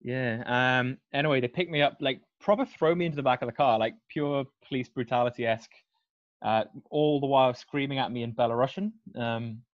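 A man's voice: mid-range voice, fairly quick, no echo. A young man, telling a story in casual chat, laid-back and full of fillers and swearing. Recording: dull, slightly lo-fi dry sound.

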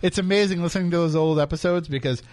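A man's voice: a little high, quick pace, a little mellow, no echo. A man hosting a radio show from a studio, chatting casually with his co-host and laughing often. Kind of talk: casual on-air banter. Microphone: studio microphone.

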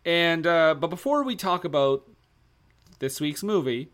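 A man's voice: on the high side, expressive, unhurried, fairly bright tone. A man co-hosting a comedy podcast, teasing his partner and laughing easily. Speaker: podcast co-host. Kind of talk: casual comedic chat.

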